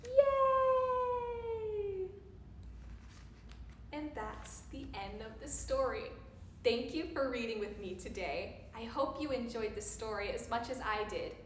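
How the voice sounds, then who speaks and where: A woman reading a rhyming picture book aloud in an expressive, sing-song way. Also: fairly high pitch, normal speed. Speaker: storyteller. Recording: roomy echo, faint background noise.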